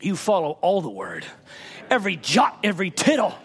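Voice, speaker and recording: A man preaching a fervent sermon, shouting at times and dropping to hushed low tones. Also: wildly swooping pitch, a little fast, breathy edge. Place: church. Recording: long reverb of a church hall.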